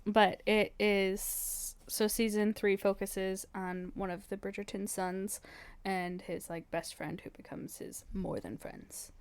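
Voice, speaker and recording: A woman's voice: medium pitch, level tone, slow pace, smooth, dry recording. A woman co-hosting a podcast, playful and joking with lots of giggles in casual chat. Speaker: podcast co-host.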